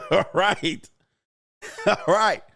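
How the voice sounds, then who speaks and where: A man's voice: sits high, very slow, creaky, fairly bright tone, dry recording, clean studio sound. A man hosting a casual reaction commentary, slangy and often laughing and exclaiming. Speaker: commentary channel host.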